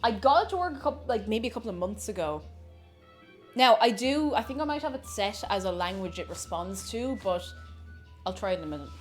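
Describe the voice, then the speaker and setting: A woman's voice: medium pitch, animated, fairly quick, faint music behind. An Irish woman streaming live as she bakes, chatting in a rambling way and greeting viewers from chat. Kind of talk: casual chat while baking on stream.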